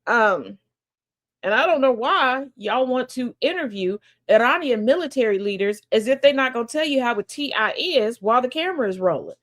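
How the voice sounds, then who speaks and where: A woman's voice: on the high side, expressive, moderate pace, fairly bright tone. Sassy sarcastic woman hosting a news stream. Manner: sassy and sarcastic, laughs often, mocks voices in quotes. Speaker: host of a daily news commentary stream. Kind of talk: casual political commentary.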